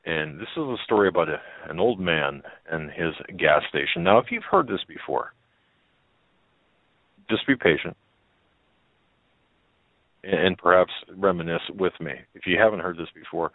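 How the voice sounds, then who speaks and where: A male talk show host reading a story aloud in a folksy, halting way, with many fillers and restarts. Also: low voice, animated, no room sound. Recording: narrow phone-like line.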